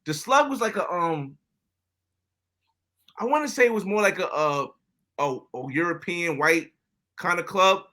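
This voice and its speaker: An American man, a podcast guest, telling travel stories in a casual, animated way, often acting out other people's lines. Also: high voice, measured pace, long pauses. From United States. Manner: animated, acts out quoted dialogue. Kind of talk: casual storytelling interview.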